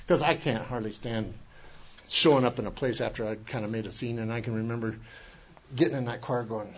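A man's voice: mid-range voice, fast talker, lo-fi sound. A man giving a rambling, self-mocking testimony at a recovery meeting. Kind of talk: personal testimony talk.

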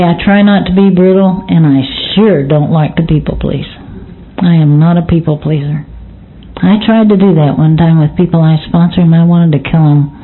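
A woman giving an earnest personal testimony at a recovery meeting, plain-spoken and repeating key words for emphasis. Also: on the low side. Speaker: speaker sharing at a recovery meeting. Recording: tinny phone-like recording.

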